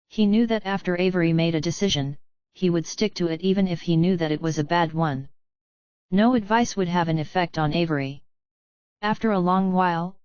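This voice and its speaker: Low, smooth female audiobook narrator. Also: a little mellow, no room sound. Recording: dull, lo-fi, dry.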